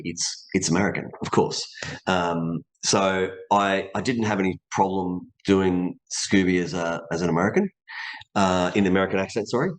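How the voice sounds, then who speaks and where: An Australian man, a voice actor being interviewed, talking in a loose, rambling way and laughing easily. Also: low voice. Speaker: voice actor guest. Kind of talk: casual interview chat.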